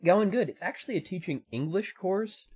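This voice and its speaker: A man's voice: high-pitched, animated, normal speed, a little mellow, breathy edge, no room sound. A young man co-hosting a podcast in casual, rambling chat, with loose phrasing and casual swearing. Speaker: podcast co-host.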